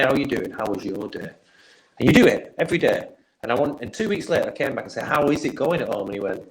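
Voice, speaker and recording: A man's voice: mid-range voice, poor audio. A man who works as a mindset and performance coach, chatting casually as a podcast guest and telling earnest, motivational anecdotes.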